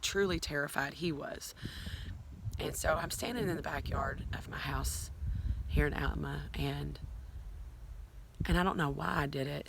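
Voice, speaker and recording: Bright, gravelly-voiced woman storyteller. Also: low-pitched, slight background noise, rough recording. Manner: rambling, with many fillers and asides. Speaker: vlogger telling her own story. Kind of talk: casual personal storytelling. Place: at home, filming herself on a phone. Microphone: phone.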